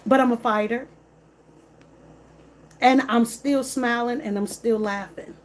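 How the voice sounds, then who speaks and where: A woman's voice: a little high, steady tone, slow pace, long pauses. A woman, vlogging in an emphatic, repetitive, slangy rant straight to camera. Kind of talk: casual direct-to-camera rant.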